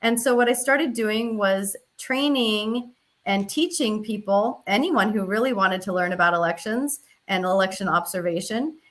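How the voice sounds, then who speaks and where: A woman's voice: medium pitch, normal speed. A woman advocate for election observation, telling her story earnestly in an interview. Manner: earnest, recounts events with quoted dialogue.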